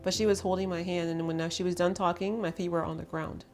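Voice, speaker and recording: Give me a woman host with a lower voice, speaking earnestly over faint background music. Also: steady tone, fairly quick, darkish tone. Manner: earnest, emphatic storytelling. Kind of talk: intimate conversation.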